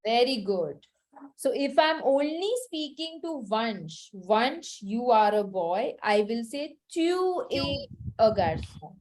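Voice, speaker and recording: A woman's voice: a little high, lively intonation, takes it slowly. A woman teaching a French lesson to children, patiently repeating each phrase with its translation and checking understanding.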